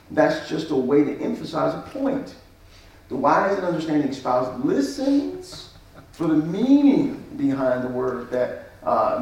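A man's voice: fairly high pitch, a little mellow. A man preaching as a pastor, teaching on marriage and acting out both sides of an argument with repeated phrases. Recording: echoey hall, mic at a distance.

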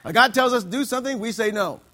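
A preacher delivers his sermon in a high voice, asking for amens again and again. He keeps it conversational and slips into quick voices for his anecdotes. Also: sharp tone. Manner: call-and-response preaching, frequent amens, acts out voices in anecdotes. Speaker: pastor.

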